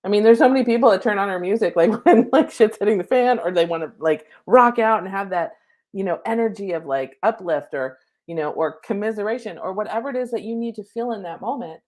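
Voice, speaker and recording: A woman's voice: mid-range voice, brisk, a little mellow. A middle-aged woman, a spiritual coach, giving a live-streamed lesson from home on her laptop mic, casual, chatty and cheerfully profane.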